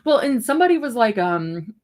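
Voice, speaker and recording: A woman's voice: fairly high pitch, very animated, a little fast, darkish tone. A woman hosting a casual livestream and chatting loosely as she reacts to viewer comments, rambling with lots of fillers and the odd swear. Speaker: livestream host.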